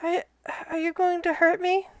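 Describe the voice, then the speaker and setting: A woman's voice: very high-pitched, level tone, no echo, voice pushed up. Woman doing a timid little flying monkey. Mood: frightened. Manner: pleading, halting, frightened.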